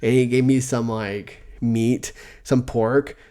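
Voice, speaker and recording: A man's voice: mid-range voice, steady tone, slow pace, warm tone, clear, resonant tone. A man co-hosting a casual podcast chat, rambling and stammering a lot, often mocking himself. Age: adult, older than before. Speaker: podcast co-host.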